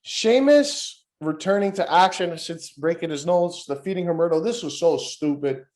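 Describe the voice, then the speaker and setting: A man's voice: fairly high pitch, normal speed. A man co-hosting a podcast, casually reviewing wrestling and ranting with a lot of swearing. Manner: profane, rambling, animated ranting. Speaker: podcast co-host.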